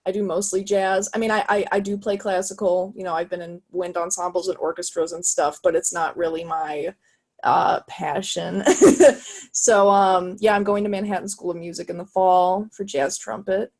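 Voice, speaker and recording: An 18-year-old woman from Illinois, a guest talking casually over a video call, eager and halting, full of fillers and restarts. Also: fairly low pitch, level tone, a little mellow. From Illinois, USA. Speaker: guest, jazz trumpet player. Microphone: video call microphone.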